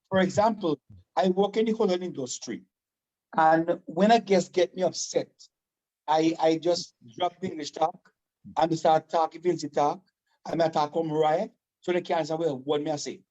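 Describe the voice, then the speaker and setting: A man with a Vincentian accent, from Saint Vincent, chatting casually as a guest, animated, proud and fast-talking. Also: fairly high pitch, lo-fi sound. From Saint Vincent and the Grenadines. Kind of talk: casual chat.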